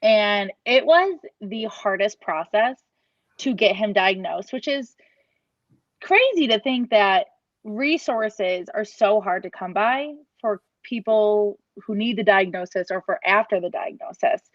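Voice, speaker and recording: An earnest woman in her thirties, a parent giving a testimonial, shares an emotional personal story over a video call in a casual way. Her mid-range voice is animated and a little slow, and the recording is dry, dull, and lo-fi. She rambles with restarts and quotes her inner thoughts.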